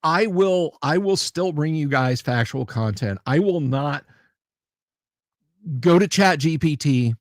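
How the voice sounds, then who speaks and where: A man hosting a livestream talks in an unhurried, stop-and-start way, full of pauses and restarts. He repeats key phrases to drive his point home. His voice is recorded close and dry, with no room sound. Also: a little high, animated, no room sound. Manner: emphatic, repeats himself. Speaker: livestream host. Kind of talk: casual chat.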